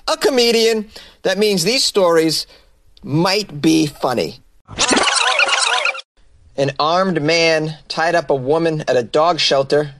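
A man's voice: fairly high pitch, fairly bright tone, no room sound. A man hosting a comedy news podcast, reading odd stories and riffing on them with sarcastic asides.

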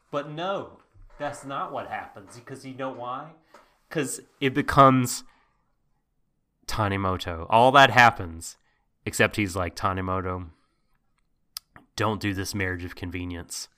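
A man's voice: fairly low pitch, sharp tone. A man co-hosting a casual podcast, ranting animatedly with swearing and voice jumps when exasperated. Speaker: podcast co-host. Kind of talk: casual anime discussion podcast.

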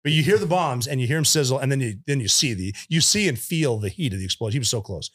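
A man's voice: medium pitch, expressive, fast, fairly bright tone, slightly rough. A man who is a military veteran, telling war stories in casual conversation, in a blunt and profane way and acting out other people's voices. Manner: acts out voices in anecdotes.

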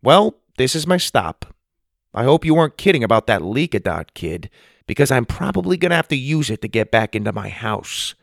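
A man's voice: mid-range voice, sing-song, normal speed, gravelly, no echo, clean studio sound. A man doing a sarcastic grumbling cactus fellow. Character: grumpy sarcastic male cactus creature.

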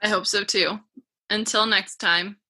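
A young woman co-hosting a casual podcast, playful and quick to laugh. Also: mid-range voice, fairly even intonation, noisy background. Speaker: podcast co-host. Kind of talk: casual chat.

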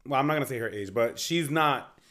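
A man's voice: medium pitch, fairly quick. A man in his thirties co-hosting a podcast, telling stories in a casual, profane, jokey way. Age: 30s. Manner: animated storytelling, profane, jokey. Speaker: podcast co-host. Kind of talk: casual chat.

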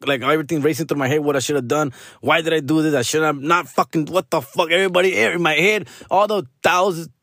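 A man's voice: a little high, fairly even intonation, fast, few pauses, a bit bright, dry recording, clean studio sound. A man telling a rambling, profane story in slangy English with Spanish mixed in.

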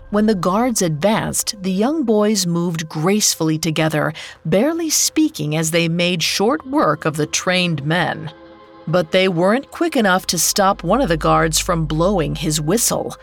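A woman telling a fairy tale as a scripted podcast narration, measured and unhurried. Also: on the low side, gravelly. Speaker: storyteller.

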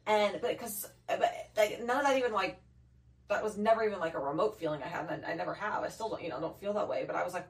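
A young woman co-hosting a casual podcast, talking emphatically and animatedly, with many fillers, and swinging between quiet and loud. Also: mid-range voice, fast talker. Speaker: podcast co-host. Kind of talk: casual personal chat. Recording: roomy echo, from far off the mic.

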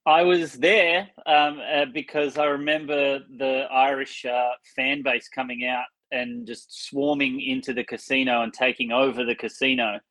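Man, podcast guest, mid pitch, easy chatty delivery. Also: little pitch movement, a little slow, hardly any pauses, a bit bright, rough recording. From Australia. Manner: conversational, with many fillers. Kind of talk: casual chat.

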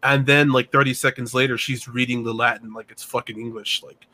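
Podcast cohost guy, bright sharp voice, blunt, swears constantly, calls people dude. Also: mid-range voice, little pitch movement, fairly quick. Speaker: podcast co-host. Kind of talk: casual chat.

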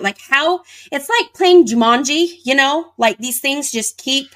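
Her voice is high and a bit bright, with lively intonation and a slightly slow pace. Being interviewed as a guest, she recounts something that happened to her, acting out people's lines in a vivid retelling.

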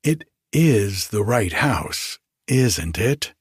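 A man's voice: on the low side, big pitch swings, extremely slow, slightly rough, dry recording, studio quality, exaggerated voice. A man reading a story, voicing a lean, sorrowful young man who talks in a plaintive, dreamy way.

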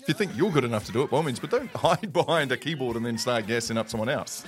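A New man with a mid-range voice, co-hosting a podcast. He muses in a relaxed, conversational way, with faint music behind him. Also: mid-range voice, quick pace. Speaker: podcast co-host.

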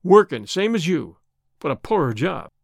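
A man voicing a cool, cocky young outlaw who answers calmly, quickly and slyly in an audiobook. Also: on the high side, creaky, no echo, clean studio sound, full character voice. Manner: calm, quick, sly answers.

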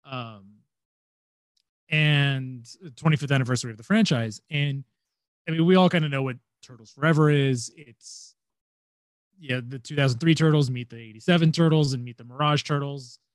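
A man's voice: medium pitch, moderate pace, dry recording. A young man chatting casually as a podcast co-host, rambling with many fillers and restarts. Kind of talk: casual fan chat.

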